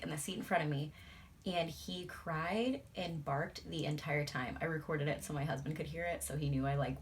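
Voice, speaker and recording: A woman's voice: sits low, a bit bright, slight background noise. A young adult woman, a beauty vlogger, chatting casually and swearing freely while doing her makeup.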